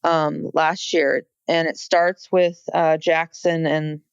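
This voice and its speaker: A woman's voice: deep voice, little pitch movement, slow, smooth, dry recording, lo-fi sound. A woman co-hosting a podcast, talking casually about a court case, with many fillers and restarts. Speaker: podcast co-host.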